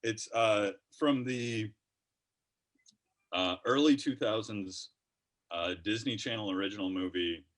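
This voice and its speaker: A man's voice: lowish voice, slow, pauses often, fairly bright tone. A man doing a rambling, profane comedy roast set with jokey asides.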